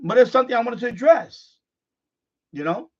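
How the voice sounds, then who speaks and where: A middle-aged man with a very high, animated voice hosts a live stream at a normal speed, giving an unscripted monologue. He's blunt and frustrated, repeating himself and restarting sentences, and the stream audio is dull and lo-fi.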